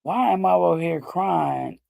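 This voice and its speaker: A woman's voice: lowish voice, measured pace, creaky, darkish tone. A woman hosting a show, talking casually and loosely about healing after heartbreak, often asking "you know what I'm saying". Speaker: host. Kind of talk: casual advice talk.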